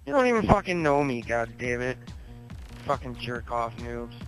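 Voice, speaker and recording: A man's voice: medium pitch, very animated, moderate pace, faint music behind, poor audio. A man leaving a sneering, insulting voice message over a game headset. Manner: sneering insults, bursts of shouting.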